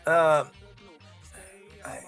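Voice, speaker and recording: A man's voice: very slow, fairly bright tone, soft background music. A man vlogging a casual opinion rant, rambling and profane, with frequent self-doubting asides.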